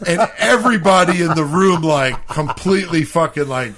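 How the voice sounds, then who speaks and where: A man co-hosting a podcast, telling a rowdy story in a casual, profane and animated way, often laughing as he talks. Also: on the high side, moderate pace, a crowd in the background. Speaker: podcast co-host.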